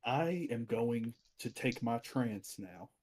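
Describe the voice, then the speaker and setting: Give me a player, a man on a video call who speaks in character with lots of fillers and restarts, at an ordinary pitch. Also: expressive, takes it slowly, darkish tone. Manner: rambling, hesitant, with many fillers. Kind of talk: in-character tabletop play.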